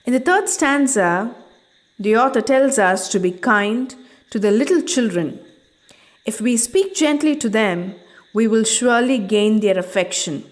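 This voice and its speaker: Slow, measured woman teacher. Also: a little high, animated. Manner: slow, measured classroom reading. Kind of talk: reading and explaining a poem to children.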